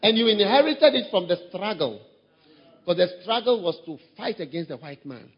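Husky high-pitched male pastor, lively sermon with mimicked voices, muffled sound. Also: normal speed, big-room sound. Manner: acts out quoted voices, shouting high mimicry.

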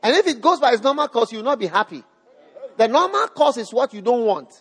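A man preaches fairly quickly in a very high, husky, very animated voice. In a church hall with long reverb, he addresses a live congregation emphatically, repeating phrases and putting questions to them.

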